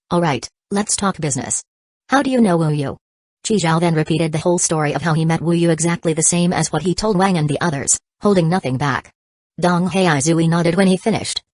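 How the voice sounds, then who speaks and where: A woman reads a translated web novel aloud as an audiobook narrator. Her voice sits very low for a woman, and the sound is dry, with no room around it. She keeps a steady, even delivery through both narration and dialogue. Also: brisk, no echo. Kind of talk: scripted narration.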